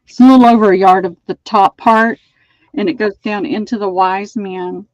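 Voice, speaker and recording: A woman's voice: medium pitch, fairly even intonation, normal speed, darkish tone, no room sound. A woman hosting a live online sale, chatting as she measures and describes items. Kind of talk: live-streamed sale pitch.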